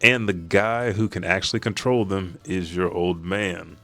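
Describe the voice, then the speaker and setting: A man reading the lines of a rough, gruff but caring male pirate captain from a manga, teasing. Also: low voice, fairly even intonation, a little slow, bright, forceful tone, soft background music, exaggerated voice.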